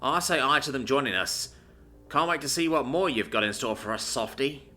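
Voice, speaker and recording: A man's voice: medium pitch, lively intonation, moderate pace, bright, forceful tone, faint music behind, voice pushed up. A man voicing a sultry, teasing female reptilian mechanic.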